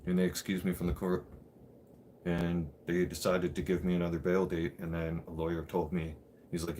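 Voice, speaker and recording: A man's voice: sits low, monotone, moderate pace, a little mellow, a little hiss or hum. A man in his thirties telling a personal story on his channel, candid and blunt, swearing freely.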